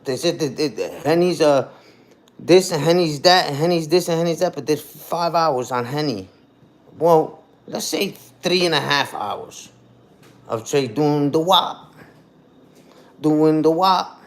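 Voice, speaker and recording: A man's voice: a little high, unhurried. A man ranting casually to his live chat in streetwise slang, dropping "you heard?" after his points and repeating himself. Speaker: livestream host.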